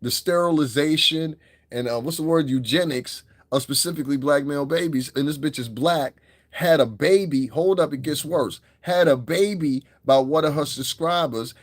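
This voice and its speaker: A man's voice: a little high, moderate pace, no room sound, clean studio sound. A man hosting his own podcast, talking in a blunt, profane, rambling commentary. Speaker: podcast host. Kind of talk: casual commentary monologue.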